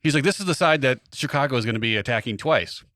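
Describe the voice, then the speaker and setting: A man's voice: mid-range voice, fast, dry recording, clean studio sound. A man co-hosting a podcast, a comedian telling a story in casual chat, acting out the quotes. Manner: animated, acts out quotes in other voices.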